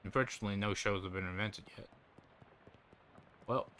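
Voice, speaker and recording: Casual, bright-voiced gaming host. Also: male voice, fairly low pitch, steady tone, normal speed. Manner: casual, offhand remarks. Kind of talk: let's play commentary and reading game text aloud.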